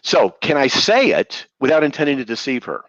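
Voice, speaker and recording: A man's voice: mid-range voice, big pitch swings, fairly quick, fairly bright tone, no room sound. A man debating, interrupting and firing back sarcastic, incredulous questions. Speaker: debater defending a belief. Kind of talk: heated live debate. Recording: dull, dry lo-fi sound.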